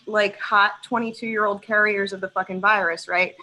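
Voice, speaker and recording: A young woman performing a stand-up set on a video call, emphatic and profane, pausing like a preacher between lines. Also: medium pitch, flat delivery, bright, forceful tone, a little hiss or hum, low-quality recording. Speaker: stand-up comedian.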